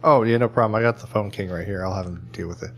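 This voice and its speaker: A man playing a tabletop role-playing game, joking and talking in character with animated energy. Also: fairly low pitch, very fast, faint music behind. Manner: jokey, animated, speaks in character. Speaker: player. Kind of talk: casual tabletop play.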